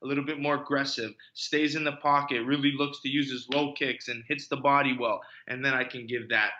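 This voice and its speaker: Male co-host, bright slightly high voice, playful teasing, muffled lo-fi sound. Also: little pitch movement, brisk, a little hiss or hum. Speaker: podcast co-host, former kickboxer. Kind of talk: casual podcast chat.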